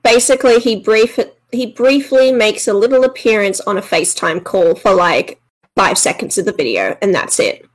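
A woman's voice: mid-range voice, normal speed, rough recording. A woman co-hosting a podcast, giving blunt, dismissive opinions in casual chat. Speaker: podcast co-host.

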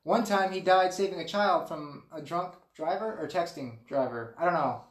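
A man's voice: on the high side, moderate pace, reverberant. A man co-hosting a casual chat, rambling and laughing often. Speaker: podcast co-host.

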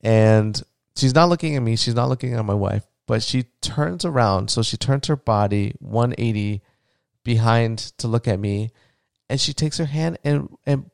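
A man hosts a casual solo podcast, speaking at normal speed in a medium-pitched, slightly mellow voice with vocal fry. The studio recording is clean, with no room sound. He rambles heartfelt, full of fillers, and turns tender and emotional when discussing his child.

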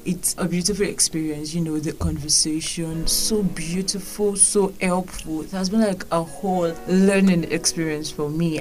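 A woman hosting a podcast in an upbeat, chatty way, full of "you know" and "like". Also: fairly low pitch. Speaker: podcast host. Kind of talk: casual podcast chat.

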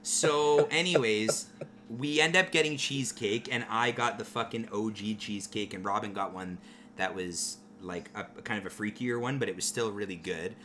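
Bright-voiced man telling stories. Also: on the low side, normal speed, a little hiss or hum. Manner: profane, animated anecdote teller. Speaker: podcast host. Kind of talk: casual storytelling.

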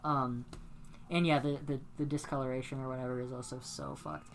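Woman co-host with a low voice and a worked-up, swear-heavy recap style for casual podcast chat. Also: fairly quick, a little hiss or hum. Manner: animated, profane storytelling with dramatic reenactments.

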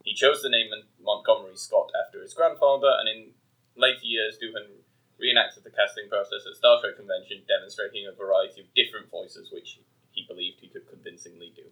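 A man hosting a casual podcast chat, animated as he reads out trivia. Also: fairly low pitch, a little fast, rough recording. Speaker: podcast host and editor.

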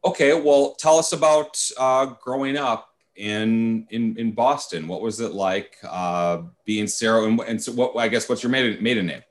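A man hosting a podcast interview, speaking in a halting way with lots of filler words. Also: on the low side. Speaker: podcast host. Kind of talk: casual interview chat.

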